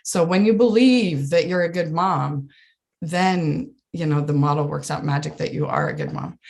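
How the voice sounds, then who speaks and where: Woman, life coach, podcast guest, lowish voice, earnest, animated, laughs a lot. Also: moderate pace, creaky. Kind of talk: casual interview chat.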